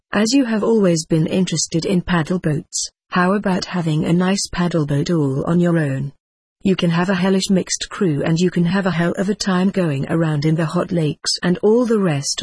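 A reader voicing a boastful, tempting devil with horns and a tail, who makes a wheedling sales pitch in a husky voice. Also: moderate pace, darkish tone, dry recording. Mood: gleeful.

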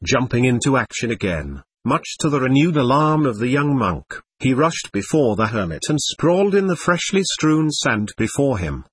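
A man reading a story aloud in a measured, descriptive narration. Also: medium pitch, sing-song, a bit bright, breathy edge, dry recording.

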